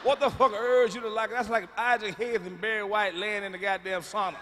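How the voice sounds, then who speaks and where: Loud, profane man doing stand-up in a hall. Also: sits high, fairly even intonation, fairly quick. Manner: loud, profane, hollering bursts. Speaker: stand-up comedian. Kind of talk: stand-up comedy set. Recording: live hall reverb with faint room noise.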